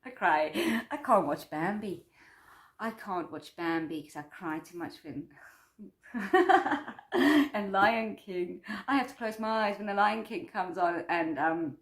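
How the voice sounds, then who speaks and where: A woman's voice: fairly low pitch, measured pace, fairly bright tone, reverberant. A woman doing a personal check-in vlog about her course, talking in a rambling, repetitive, upbeat and self-affirming way. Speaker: vlogger and course creator.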